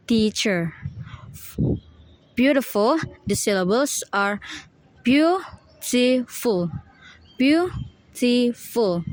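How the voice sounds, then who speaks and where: A young woman, a university student, presenting a lesson and slowly repeating example words several times each. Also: medium pitch, no room sound. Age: young adult. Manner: slow, drawn-out repetition of example words. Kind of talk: read-aloud class presentation.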